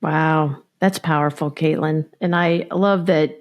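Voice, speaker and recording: A woman hosting a podcast, introducing a segment in a playful, upbeat way and cheering her guest on with quick affirmations. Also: low-pitched, steady tone. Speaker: podcast host. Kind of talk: scripted segment intro and interview chat.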